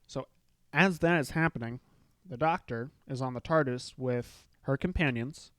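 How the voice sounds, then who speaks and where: A man's voice: medium pitch, moderate pace, fairly bright tone, no echo. A man hosting his own show, chatting casually and retelling scenes in a loose, filler-filled way. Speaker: podcast host. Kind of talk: casual solo show recap.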